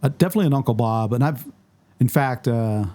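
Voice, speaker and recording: A man's voice: mid-range voice, fast. A man, a guest photographer in a casual podcast conversation, telling stories and acting out what others said. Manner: storytelling, animated quoting of others.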